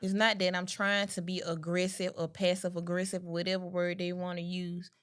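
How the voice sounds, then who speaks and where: A woman's voice: on the low side, flat delivery, normal speed, fairly bright tone, smooth. A woman on a talk panel who chimes in with short comments. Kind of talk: casual chat.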